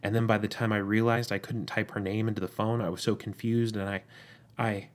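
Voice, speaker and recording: A man voicing a male demon who talks in halting, hesitant phrases in a low voice. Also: level tone, lightly acted. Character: male demon, scheming yet tender.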